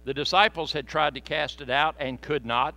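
A man preaching a sermon, folksy and animated, with joking asides to the congregation. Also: fairly high pitch, moderate pace, no echo. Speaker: pastor.

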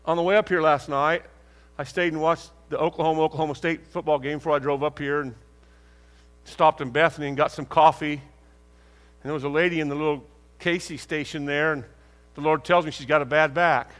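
A man's voice: a little high, steady tone, brisk, a bit bright. An older man preaching a folksy storytelling sermon, talking conversationally to a congregation. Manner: folksy, conversational, acts out dialogue. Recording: long hall reverb.

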